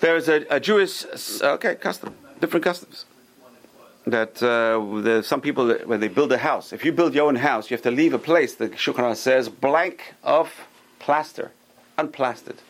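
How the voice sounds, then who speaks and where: A man teaching a Torah class as a rabbi, emphatic and repeating his key words, who tells stories in an animated way. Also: mid-range voice, normal speed, rough recording.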